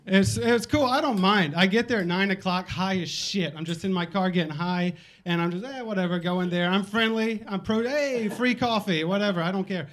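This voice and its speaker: A man's voice: sits high, fairly even intonation, brisk, fairly bright tone. A man from Virginia doing a loose, self-mocking stand-up set at a bar comedy night.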